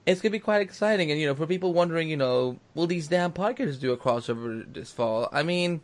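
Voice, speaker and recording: A man's voice: fairly high pitch, expressive, quick pace. Rambling male podcast host. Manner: rambling, many restarts and fillers. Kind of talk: casual podcast chat.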